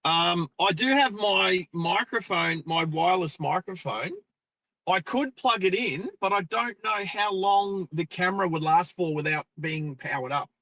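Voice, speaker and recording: Chatty high-voiced Australian man. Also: a little slow, no room sound, poor audio. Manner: chatty, excitable narration of what he sees. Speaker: live-stream driving host. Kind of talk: casual live-stream chat. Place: parked car. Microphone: phone.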